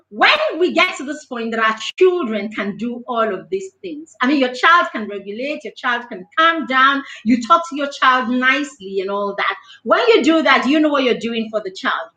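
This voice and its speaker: Nigerian woman parenting mentor, bright high voice, echoey room. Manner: emphatic, acts out quoted dialogue. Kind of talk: parenting talk.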